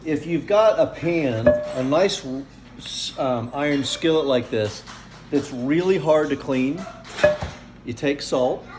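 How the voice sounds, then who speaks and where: A man's voice: a little high, animated, takes it slowly, darkish tone, soft background music. An older man narrating a casual home video from his kitchen, chatty and proudly playful as he shows off his cooking. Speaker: family cook filming a holiday video. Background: frying sizzle.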